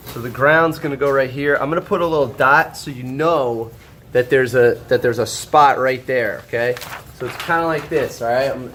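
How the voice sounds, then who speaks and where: A man teaching a high school shop class, walking students through a drawing step by step, checking in often and joking with them. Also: normal speed, a bit bright. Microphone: camera held by a student.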